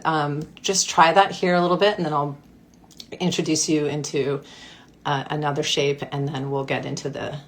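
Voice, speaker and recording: Low-voiced woman guiding breathwork. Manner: gentle, playful guiding with soft asides. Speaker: mindfulness coach. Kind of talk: guided breathwork instruction.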